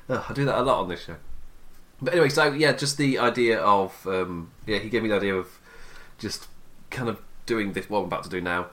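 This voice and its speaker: A man's voice: fairly low pitch, a little fast, fairly bright tone. A young man hosting a casual wrestling podcast, rambling and restarting his sentences and often laughing at himself. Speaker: podcast host.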